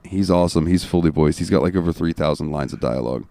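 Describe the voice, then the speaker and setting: Deep-voiced male host, relaxed rambling chat, dry close sound. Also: quick pace, gravelly, dry recording. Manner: relaxed, rambling with fillers and swearing. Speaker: podcast host. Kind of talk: casual chat.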